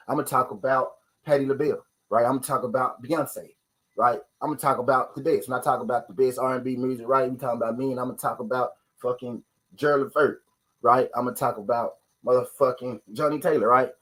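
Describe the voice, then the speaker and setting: Husky man ranting about boxing fans. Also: medium pitch, steady tone, fast, fairly bright tone, poor audio. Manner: repeats "right?" constantly, profane street slang. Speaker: boxing talk show host. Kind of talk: live-stream casual rant.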